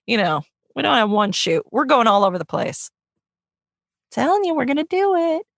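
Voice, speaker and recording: A woman's voice: on the high side, sing-song, moderate pace, creaky, fairly bright tone, no room sound, clean studio sound. A woman chatting casually as a podcast guest, giggly and self-mocking. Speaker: guest cohost.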